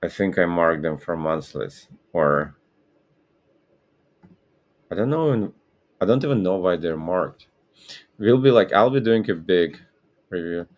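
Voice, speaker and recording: A man's voice: low-pitched, animated, measured pace, long pauses, muffled recording. A man hosting a live trading stream, rambling and correcting himself in casual market commentary. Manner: rambling, self-correcting, apologetic.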